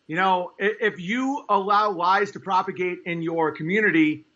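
A man from New York State talking as a guest in a casual conversation, rambling and emphatic, often slipping into high mocking voices to mimic others. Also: moderate pace, pushed and bright, muffled recording. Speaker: guest, stand-up comedian.

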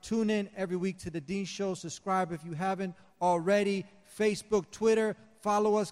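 A man's voice: high voice, steady tone, a little fast, few pauses, darkish tone. A man hosting a live talk show at a conference, wrapping up with an upbeat promotional sign-off. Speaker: host. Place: conference hall. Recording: long reverb of a conference hall.

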